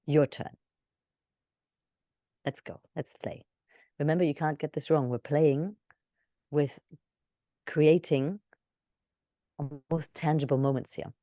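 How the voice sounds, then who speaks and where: A woman storytelling coach in a live session, demonstrating and explaining with an expressive delivery. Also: deep voice, slow, pauses often, no echo, clean studio sound. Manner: expressive, shifting between demonstration and instruction.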